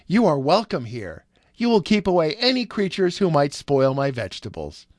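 A man reading a storybook aloud, voicing a kind young woman who speaks gently. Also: on the high side, wildly swooping pitch, moderate pace, dry recording, clean studio sound. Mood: gentle. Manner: gentle, soft-spoken.

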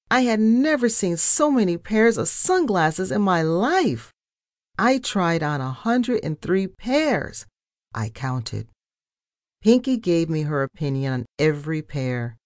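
Slow, low-voiced woman reading aloud. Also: dry recording, studio quality. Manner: deliberate, expressive narration. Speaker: storybook reader. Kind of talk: children's book read-aloud.

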